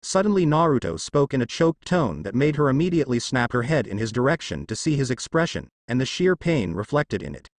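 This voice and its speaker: A man narrating a fanfiction story as an audiobook in an expressive reading style. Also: medium pitch, brisk, hardly any pauses, no room sound, clean studio sound.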